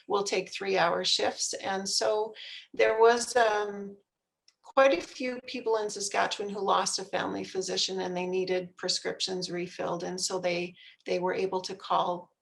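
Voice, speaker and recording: A woman explains a service in detail, pausing on fillers. Her voice has a gravelly fry. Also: medium pitch, steady tone, poor audio. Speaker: health care speaker. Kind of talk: answering questions.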